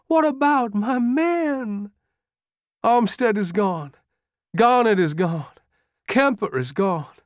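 A man doing a weeping young general, high and cracking. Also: expressive, takes it slowly, pauses often, no room sound, clean studio sound. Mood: anguished.

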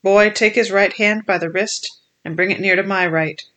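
A sinister blind old pirate beggar , as an audiobook reader puts him on, pitched up in a wheedling sing-song that drags slowly. Underneath it sits a cold, cruel menace. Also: fairly even intonation, fairly bright tone, lightly acted. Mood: commanding. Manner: whining sing-song turning cold and threatening. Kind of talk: audiobook character voice.

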